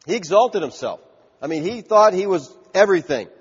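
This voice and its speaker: A man's voice: sits high, lively intonation, brisk, breathy edge. A man preaching a sermon in an emphatic, conversational way, heard on a dull recording in a large church hall with a long echo.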